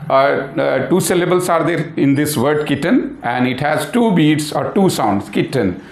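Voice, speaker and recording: Male English teacher, first language Urdu, slightly high voice, spells words out and repeats himself; echoey room. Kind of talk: classroom phonics lesson.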